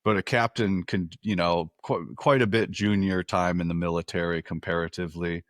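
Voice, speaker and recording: A man's voice: sits low, steady tone, moderate pace, dry recording, studio quality. A man hosting a casual interview podcast, blunt and swearing freely. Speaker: podcast host.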